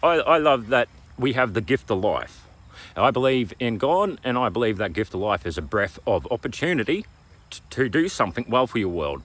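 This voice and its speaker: A motivational vlogger with an Australian accent talks at normal speed in a medium-pitched, sing-song, fairly bright voice. In his self-help monologue he's emphatic and preachy, repeating slogans and asking "all right?"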